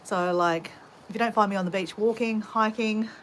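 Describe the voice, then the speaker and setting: A woman's voice: medium pitch, steady tone, moderate pace. A rambling, chatty Australian woman talks to her viewers from her home garden, greeting people as she goes. She speaks into a phone camera, with a faint hiss behind her voice. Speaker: vlogger. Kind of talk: casual chat to live viewers while gardening.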